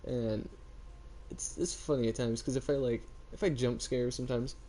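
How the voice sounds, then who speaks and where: A teenage boy talking casually in a vlog, rambling and laid-back. His pitch sits in a middle register. A faint hiss of background noise runs under the voice. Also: steady tone, normal speed, mellow. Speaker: vlogger. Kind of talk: casual chat.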